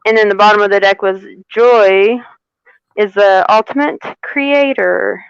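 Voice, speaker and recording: Woman, tarot reader, unhurried, repeats herself for emphasis, dry close sound. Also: mid-range voice, steady tone, gravelly, clean tone, dry recording, lo-fi sound. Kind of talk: live tarot reading.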